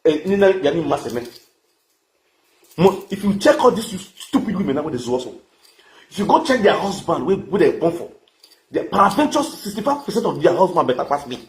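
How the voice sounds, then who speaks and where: This Nigerian-accented man rants angrily as a vlogger, his scolding commentary heated and insulting. He talks a little fast in a sing-song, slightly high voice, and the echoey room carries some faint background noise.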